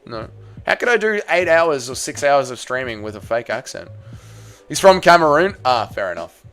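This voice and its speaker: Excitable Australian man streaming fights. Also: mid-range voice, moderate pace, faint music behind. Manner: swears freely, reads chat aloud, yells at the fight. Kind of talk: casual livestream chat and fight reaction.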